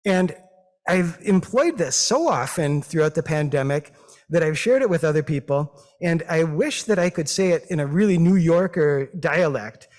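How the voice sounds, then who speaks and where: A man with a Midwestern accent, a physician giving a thoughtful, modest talk with slides, pausing often with fillers. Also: a little high, animated, darkish tone. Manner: thoughtful, hesitant, with many fillers; modest and self-deprecating. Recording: long reverb of a hall.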